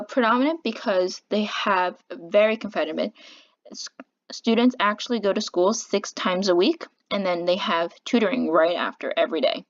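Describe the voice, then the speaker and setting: A young woman giving a class presentation on teaching, talking in a flat, halting way with fillers and self-corrections. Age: young adult. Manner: says she speaks with a flat pitch. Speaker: education student presenting. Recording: dull lo-fi recording.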